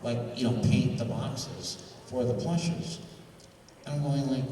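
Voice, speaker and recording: A man's voice: medium pitch, takes it slowly, dark tone, slight background noise. A man, a cartoonist at a convention panel, telling rambling stories and acting out the dialogue, correcting himself as he goes. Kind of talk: anecdotal panel storytelling. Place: convention hall panel room. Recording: echoey hall, voice from far off.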